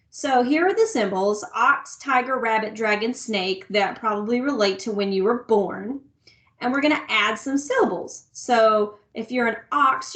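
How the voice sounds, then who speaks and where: A woman's voice: fairly high pitch, a bit bright. A young woman teaching an online music lesson for children, talking cheerfully and breaking into sung solfege syllables as she goes.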